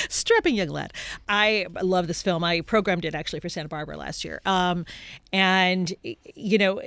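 A woman's voice: on the low side, expressive, moderate pace, creaky, a bit bright, dry recording. Enthusiastic woman film critic. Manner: enthusiastic, laughs often. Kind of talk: conversational film review. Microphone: studio microphone.

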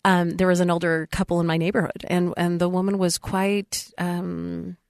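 A woman with a lower voice hosts a casual chat. She reflects openly and lets her emotion show. The recording is dry and close. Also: level tone, normal speed, vocal fry, dry recording. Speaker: host.

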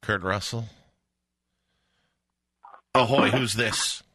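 A man's voice: fairly low pitch, drawn-out words, pushed and bright, husky, no room sound, studio quality. A man hosting a radio quiz, upbeat and playful like a carnival barker. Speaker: radio host.

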